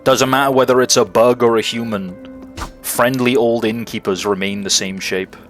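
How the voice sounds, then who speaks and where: A man's voice: medium pitch, steady tone, moderate pace, a bit bright, soft background music, close to an everyday voice. A man voicing a chatty old male bug innkeeper who talks in a rustic, homely dialect. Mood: folksy.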